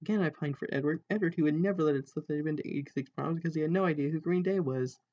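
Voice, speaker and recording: A man reads a parody novel aloud in a dry, amused way, stopping for asides. His voice sits a little high. The recording is dull and lo-fi. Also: rapid-fire, a little mellow. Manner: dry, amused, breaks into laughter at jokes. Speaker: reader.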